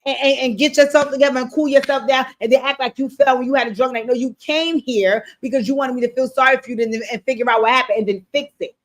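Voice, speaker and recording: A woman giving a casual recap of a TV episode, animated and blunt, swearing freely and talking straight to her viewers. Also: high-pitched, fast, hardly any pauses. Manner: animated, blunt and profane, addressing viewers directly. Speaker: TV show recap streamer. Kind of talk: casual show recap commentary.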